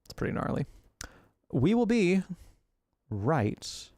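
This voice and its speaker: A man's voice: high-pitched, big pitch swings, slow, darkish tone, no room sound, clean studio sound. A young man livestreaming a game, chatting and joking with his chat in a casual, filler-heavy way.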